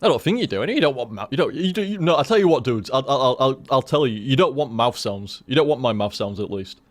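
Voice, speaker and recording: A man's voice: mid-range voice, expressive, fast. A young man chatting casually to his stream viewers, rambling and swearing with lots of restarts.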